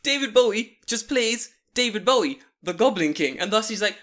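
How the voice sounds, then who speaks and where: Tipsy male podcast host, rambling casual chat, bright and animated. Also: high-pitched, normal speed. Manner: swearing, laughing, rambling after drinking. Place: Japan.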